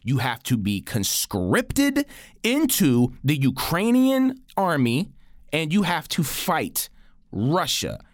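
A man co-hosting a political podcast, talking with plenty of restarts and fillers. His voice sits fairly high and swings widely in pitch. The recording is dry and close. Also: takes it slowly, no echo. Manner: animated, with many fillers and restarts. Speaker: podcast co-host. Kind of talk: heated casual political discussion.

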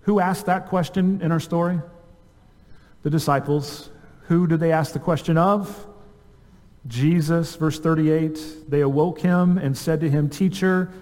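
A male pastor preaching an earnest sermon, asking rhetorical questions and dropping to a soft voice on key words. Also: fairly high pitch, fairly even intonation, a little slow. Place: church sanctuary. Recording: long reverb of a church hall.

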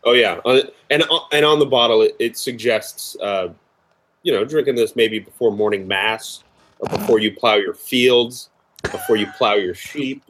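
A man's voice: mid-range voice, normal speed, a bit bright, a little hiss or hum. A man co-hosting a casual tasting chat over a video call, explaining things hesitantly with lots of fillers. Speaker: co-host of a drinks tasting show.

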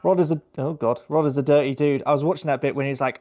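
Racing along with few pauses, this medium-pitched man is heard in a dry, studio-quality recording. As a horror podcast co-host, he rambles animatedly through casual film-review chat and frequently acts out scenes.

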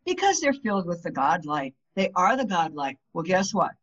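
A woman's lowish voice at normal speed carries a casual podcast conversation about spirituality, where she's the guest. She tells stories animatedly, performing each person's voice, and the audio is dull and lo-fi.

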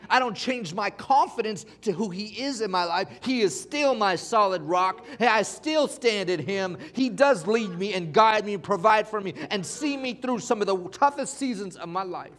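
Man, pastor, middle-aged, high voice, fervent call-and-response sermon. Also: expressive, normal speed, hardly any pauses, a bit bright. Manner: emphatic call-and-response preaching.

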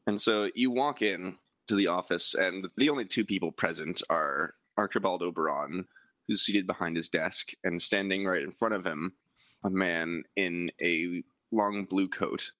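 A man narrating as game master of a tabletop role-playing game, relaxed and chuckling as he describes scenes. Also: low voice, unhurried, no echo, poor audio.

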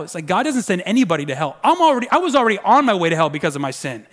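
A male pastor delivers a sermon with a notably high voice for a man. He talks in a conversational, animated way and drops into soft, pleading asides. He sounds like a man in his thirties. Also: racing, hardly any pauses.

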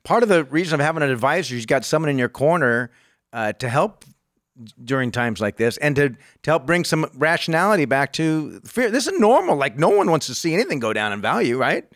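A man's voice: on the high side, very animated, brisk, fairly bright tone, dry recording, clean studio sound. A man co-hosting a call-in money radio show, chatty and loose, laughing often between thoughts. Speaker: financial radio show co-host.

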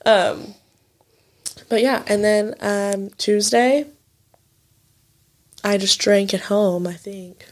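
A woman's voice: mid-range voice, fairly even intonation, slow pace, long pauses. A young woman in her twenties co-hosting a casual chat, telling stories with lots of "like" and plenty of swearing. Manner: chatty storyteller, lots of "like", swears freely.

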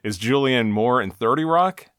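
A man co-hosting a podcast, recapping a TV episode in a casual, animated way. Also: medium pitch, clean tone, no echo, clean studio sound. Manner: animated storytelling, quick asides. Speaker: podcast co-host.

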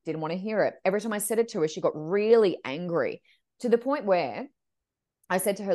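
A woman working as a medium, telling stories as a podcast guest in a lively, expressive way and acting out the voices she quotes. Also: mid-range voice, a little fast. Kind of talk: animated storytelling chat.

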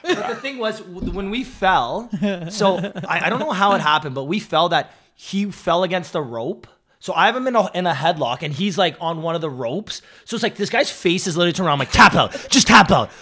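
A man's voice: sits high, brisk. A young man co-hosting a podcast, joking around and playing out both sides of an argument with a friend. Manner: relaxed, joking, acts out friend's lines. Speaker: podcast co-host. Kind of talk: casual storytelling chat.

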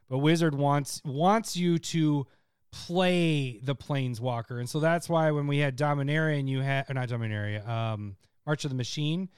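A man's voice: fairly high pitch, clean tone, no room sound, studio quality. A man co-hosting a podcast in casual chat, rambling and often breaking into laughter. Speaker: podcast co-host.

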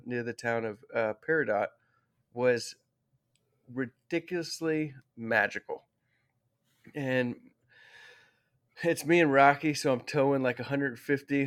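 Interview guest, male, mid-pitch, casual storyteller who corrects himself as he goes, heartfelt. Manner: rambling, self-correcting, heartfelt.

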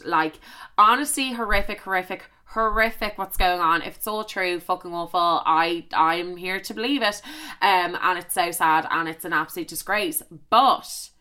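A young woman hosts her podcast in a casual, gossipy chat. Her voice is bright and forward. She leans into dramatic emphasis and fires off rapid asides. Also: lowish voice. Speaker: podcast host.

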